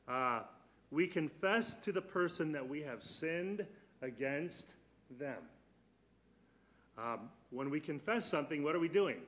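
A man teaching a church Bible class, earnest, putting questions to his students and slowing down on key words. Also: a little high, animated, a bit bright.

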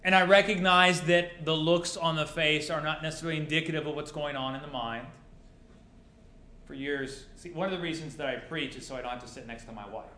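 A man's voice: a little high, steady tone, fairly quick, sharp tone. Pastor man with dry humor, roomy church. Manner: rhetorical questions, dry humor. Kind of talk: sermon. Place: church sanctuary.

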